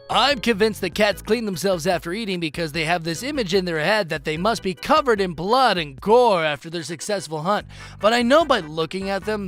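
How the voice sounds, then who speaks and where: Animated high-voiced man reading funny posts. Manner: animated, jokey, swings between deadpan and loud. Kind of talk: comedic reading.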